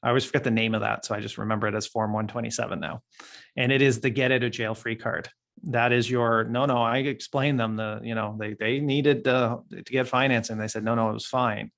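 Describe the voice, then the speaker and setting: A man's voice: medium pitch, steady tone, brisk, creaky, fairly bright tone. A man leading a training session for new real estate agents, talking casually and acting out client conversations with plenty of fillers.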